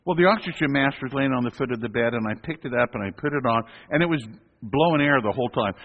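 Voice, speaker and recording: A man delivers a storytelling sermon, animated and acting out the voices of the people in it. His voice echoes through a long, reverberant hall on a dull, lo-fi recording. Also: mid-range voice, fast. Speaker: hospital chaplain telling a story.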